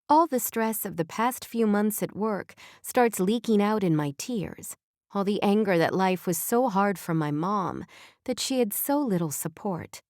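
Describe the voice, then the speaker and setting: A woman narrating a romance audiobook in first person, reading evenly and clearly in a studio. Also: mid-range voice, lively intonation, a little slow, a little mellow, dry recording.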